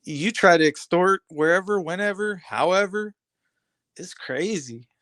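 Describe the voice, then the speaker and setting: A man's voice: high voice, measured pace, fairly bright tone, no room sound, clean studio sound. A man hosting a live stream, chatting casually and rambling to his viewers in streetwise slang.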